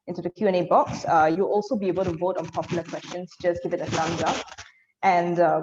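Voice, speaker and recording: A woman hosts a webinar and works through the housekeeping in an orderly way. Her voice is on the low side. The audio is dull, as over a video call. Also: a little mellow, a little hiss or hum. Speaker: webinar moderator. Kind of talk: hosting announcements.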